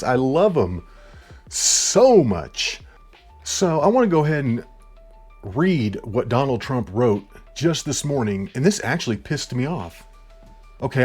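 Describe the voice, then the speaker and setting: In a loud, heated political rant, a man comes close to yelling from start to finish. His speech is blunt and full of swearing, and he hammers the same points again and again. His pitch stays in an ordinary middle range, with faint music playing behind him.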